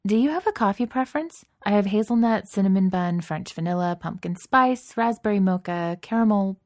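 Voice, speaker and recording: A woman voicing a cheerful, chatty rich young heroine who talks in a bright, giggly way. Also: mid-range voice, expressive, brisk, no echo, clean studio sound, pitched above the performer's own voice, lightly acted. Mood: chipper.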